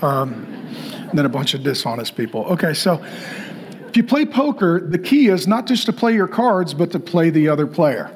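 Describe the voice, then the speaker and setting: This man is a pastor delivering a sermon at normal speed in a fairly high-pitched voice. He's animated as he tells a story, voicing the people in it.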